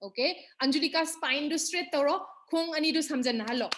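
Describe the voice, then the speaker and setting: Bright-voiced Manipuri yoga teacher counting. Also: female voice, sits high, fast talker, a little hiss or hum. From Manipur, Northeast India. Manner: counts aloud, mixes English with local language. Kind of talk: online kids yoga class instruction. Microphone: video call.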